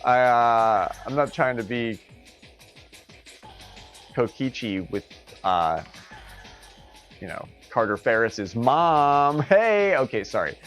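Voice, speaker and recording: A man's voice: medium pitch, expressive, takes it slowly, pauses often, fairly bright tone, soft background music. Rambling, joking male streamer. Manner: rambling, joking, laughs often. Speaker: streamer hosting a tournament. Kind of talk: casual live-stream chat.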